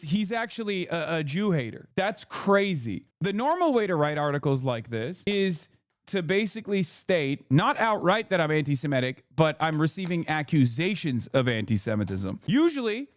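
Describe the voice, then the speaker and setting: Streamer man, slightly high voice, very dry close sound, reads fast then cuts in. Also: no room sound. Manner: reads quickly, breaks off to react. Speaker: streamer reacting to an article. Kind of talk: reading an article aloud with commentary.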